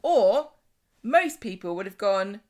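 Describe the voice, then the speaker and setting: A woman's voice: medium pitch, lively intonation, slow, a little mellow. A woman co-hosting a podcast, chatting casually as she recaps a soap opera and acts out the characters' lines. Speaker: podcast co-host.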